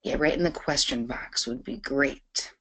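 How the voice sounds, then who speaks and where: A woman's voice: a bass voice, a little slow, fairly bright tone. A middle-aged woman hosting a live online masterclass, chatty and bubbly as she greets viewers by name. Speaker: webinar host. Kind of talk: live webinar chat.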